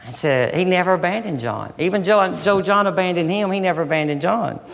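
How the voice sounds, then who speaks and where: A man's voice: high voice, lively intonation, a little fast, vocal fry, a bit bright. Man preaching in a reverberant hall. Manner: conversational preaching with frequent restarts and fillers. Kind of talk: sermon.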